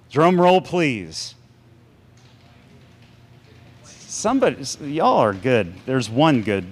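Man, pastor, sermon in a church, animated, sarcastic, mid-pitched voice. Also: slow pace, long pauses.

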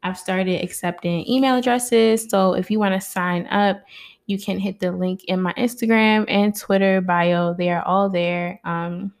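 A woman's voice: medium pitch, fairly even intonation, a little slow. A woman hosting her own podcast, talking casually and heartfelt to her listeners into a mic, often calling them y'all. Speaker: podcast host. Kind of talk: casual solo podcast talk.

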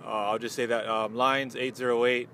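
A man chatting through a laid-back morning podcast, a little out of breath, rambling with plenty of "um" and "you know". His voice sits at an ordinary middle pitch, with faint traffic noise from the street behind him. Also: flat delivery, moderate pace, pushed and bright. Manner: loose and rambling, lots of fillers. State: winded. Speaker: podcast host. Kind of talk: casual morning chat.

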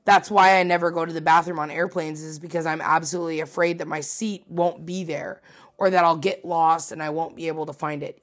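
A woman hosting a casual solo podcast, chatty and animated, swearing freely and poking fun at herself. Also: lowish voice. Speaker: podcast host.

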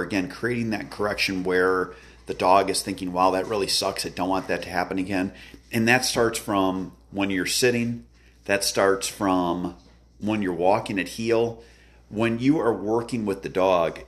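A man with a very deep voice explains dog training in an earnest, instructional way. He keeps coming back to the same points and acts out the sharp commands and praise he gives to dogs. His voice is loud and booming. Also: slight background noise. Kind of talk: instructional talk.

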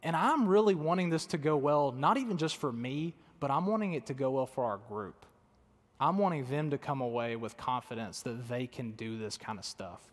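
A man's voice: medium pitch, lively intonation, moderate pace. Earnest man preaching in a big echoing hall. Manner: conversational, self-deprecating, earnest. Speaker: pastor. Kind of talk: sermon storytelling. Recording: long reverb of a large hall.

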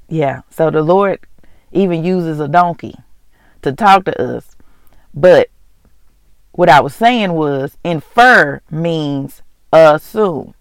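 Devotional vlog host, gravelly voice, dry close sound, chatty and heartfelt. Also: medium pitch, takes it slowly, no room sound. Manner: chatty, addresses listeners directly as y'all, laughs often; earnest and heartfelt, often moved to tears. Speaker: host of a faith podcast and vlog. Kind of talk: casual devotional talk.

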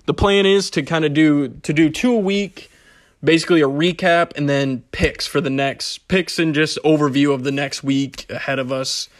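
Young male podcast host, casual self-mocking rants, slightly high voice, dry close sound. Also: steady tone, moderate pace, dry recording. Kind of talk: casual solo sports betting podcast.

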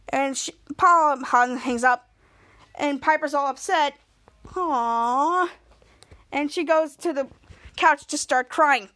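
High-pitched woman podcaster recapping a tv episode, rambly, lots of and-then, dry close sound. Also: fairly bright tone, dry recording. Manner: rambling, stringing events with "and then". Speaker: podcast host.

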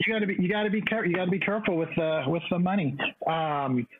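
A man from the Texas side of the US-Mexico border co-hosts a casual chat, speaking quickly in a high-pitched voice. He restarts often and uses lots of fillers, over a tinny, phone-like line.

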